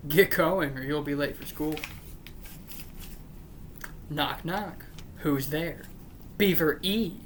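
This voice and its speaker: Low-pitched and unimpressed, a channel host reads a string of jokes out loud and keeps stopping to complain they're not funny. A little hiss or hum sits under her voice.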